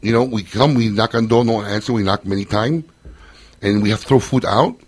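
A man's voice: lowish voice, a little fast, slightly rough, no echo. A man voicing a male Chinese takeout owner on a prank phone call, in broken English with a put-on Chinese accent. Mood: insistent. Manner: broken English, pushy about payment.

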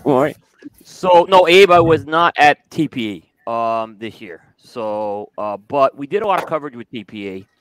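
A man's voice: medium pitch, expressive, moderate pace, no echo, rough recording. A man hosting an industry news segment, talking in an upbeat, fluent way. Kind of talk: news roundup chat.

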